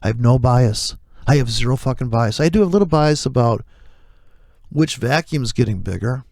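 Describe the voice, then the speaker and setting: Gravelly, foul-mouthed male trader. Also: medium pitch, moderate pace, darkish tone, dry recording, studio quality. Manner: blunt, swears freely, rambling asides. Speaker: trader streaming live trades. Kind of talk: profane live trading commentary.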